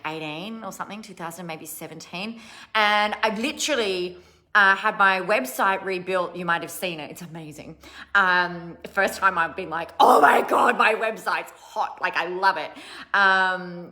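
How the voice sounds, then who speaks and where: Middle-aged woman, business coach, crisp bright tone, chatty, self-mocking, often laughing mid-sentence. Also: medium pitch. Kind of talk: casual livestream talk to followers.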